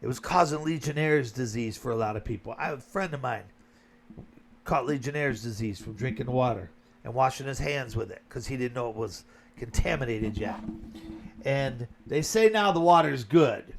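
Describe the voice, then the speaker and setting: A man's voice: mid-range voice, animated, moderate pace, gravelly, slight background noise. A man from Flint, Michigan, giving a blunt, colloquial opinion monologue as a vlogger.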